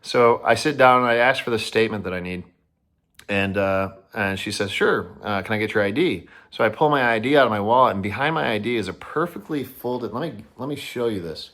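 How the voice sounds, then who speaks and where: A man telling a personal story to the camera, rambling, restarting often and sounding excited. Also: lowish voice, fairly quick.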